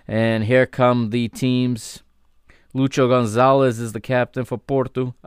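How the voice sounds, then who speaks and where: A man's voice: mid-range voice, flat delivery, unhurried, clear, resonant tone, dry recording, clean studio sound. A man hosting a podcast, giving chatty, easygoing watchalong commentary on an old football match and correcting himself as he goes. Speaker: podcast host.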